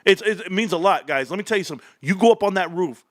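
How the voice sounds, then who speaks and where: A man in his thirties hosting a stock livestream, ranting excitedly and telling rambling stories. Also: very fast. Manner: hyped, rambling, loud swings, laughs often; lower storytelling mode.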